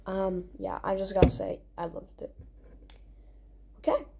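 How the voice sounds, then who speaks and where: A young woman hosting a casual countdown, excitable and rambling, recorded at home late at night. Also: mid-range voice, normal speed, vocal fry, a little hiss or hum. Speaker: video host. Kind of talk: casual awards-style countdown.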